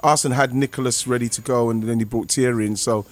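Excitable rambling man. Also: mid-range voice, quick pace. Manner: rambling, excitable, many restarts and fillers. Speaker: former footballer guest. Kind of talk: casual anecdote on a podcast.

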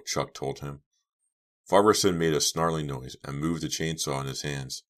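A man narrating a horror audiobook with steady, tense storytelling. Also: rumbling low, moderate pace. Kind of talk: scripted narration.

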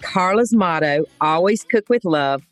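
A woman with a Southern American accent hosting a podcast interview, chatty and effusive with quick asides. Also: on the low side, animated, faint music behind. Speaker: podcast host.

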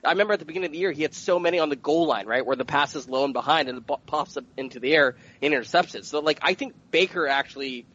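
Quick-talking male panelist, numbers-driven, muffled remote line. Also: fairly high pitch, fairly bright tone. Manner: rapid, stat-heavy. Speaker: podcast panelist. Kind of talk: casual sports podcast chat. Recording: lo-fi remote audio.

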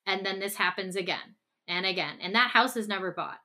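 A woman's voice: mid-range voice, normal speed, sharp tone. A woman co-hosting a relationship podcast, talking through a hypothetical scenario and often checking in with "okay?" and "right?". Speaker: podcast co-host.

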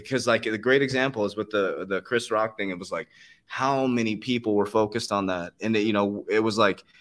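A man's voice: on the low side, a bit bright. A man hosting a casual podcast conversation, talking in a fired-up, profane, motivational way and laughing often. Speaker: podcast host.

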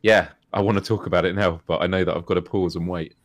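A British man co-hosts a gaming podcast in a low, easygoing voice, chatty and friendly. His sound is dry and close-miked. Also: fairly even intonation, quick pace, dry recording. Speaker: podcast co-host. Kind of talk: casual live gaming podcast chat.

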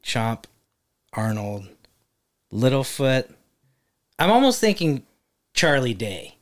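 A man's voice: mid-range voice, very animated, slow. Man thinking aloud in casual chat. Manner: brief replies, thinks aloud with fillers. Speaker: podcast co-host.

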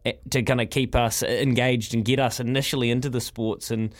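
A man's voice: mid-range voice, flat delivery, brisk. New Zealand male breakfast host, enthusiastic, rambling delivery. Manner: enthusiastic, chatty, restarts phrases. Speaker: radio host. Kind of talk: breakfast radio talk.

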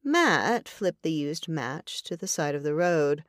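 A woman narrating a western novel as an audiobook in an even, deliberate storytelling manner. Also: low voice, no room sound, studio quality.

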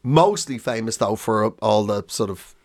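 A man's voice: on the low side, normal speed. A man co-hosting a comedy podcast, telling stories in casual chat with lots of swearing and laughter. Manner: swearing, animated storytelling with voices and laughter. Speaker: podcast co-host.

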